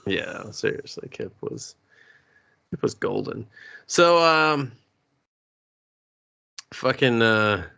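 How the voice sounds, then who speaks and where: Animated, profane man co-hosting a podcast. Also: medium pitch, slow, creaky, long pauses, dull audio. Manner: profane, animated retelling with put-on voices. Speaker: podcast co-host. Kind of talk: casual movie review chat.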